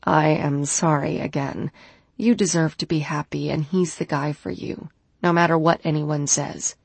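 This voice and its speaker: A woman voicing a soft-spoken, gentle best friend. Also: deep voice, steady tone, measured pace, vocal fry, slightly rough, no room sound, exaggerated voice. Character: tired, kind female best friend.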